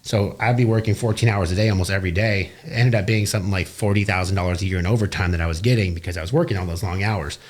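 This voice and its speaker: A man's voice: low voice, very fast, few pauses. A young man, a business owner, telling his career story bluntly and profanely in a casual interview. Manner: blunt and profane, animated retelling.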